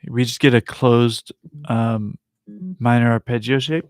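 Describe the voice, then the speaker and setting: A man giving a casual live music lesson, chatty and self-amused, counting rhythms out loud as he works through a transcription. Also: mid-range voice, flat delivery, measured pace. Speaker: music teacher transcribing a piano piece for bass.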